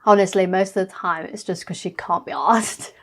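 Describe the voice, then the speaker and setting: A woman's voice: mid-range voice, moderate pace. A woman reacting to a reality TV episode in a blunt, chatty way, swearing freely. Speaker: reaction vlogger.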